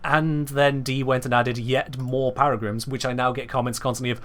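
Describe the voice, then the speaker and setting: A man's voice: medium pitch, flat delivery, normal speed, a bit bright. A man from England with an English accent, chatting casually and wryly to his live-stream chat. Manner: chatty, wry, talking to chat. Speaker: game streamer.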